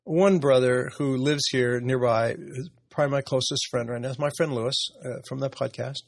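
A man in his sixties, a podcast host, talking candidly and emotionally about his life in a personal conversation, with soft laughs. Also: mid-range voice, fairly even intonation, moderate pace, creaky, dry recording. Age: 60s.

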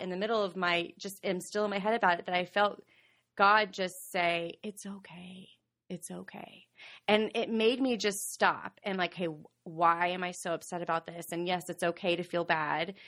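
A woman's voice: medium pitch, fairly bright tone. A woman in her thirties, co-hosting a podcast, telling a personal story in an earnest, confessional way. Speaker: podcast co-host. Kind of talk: candid conversational podcast.

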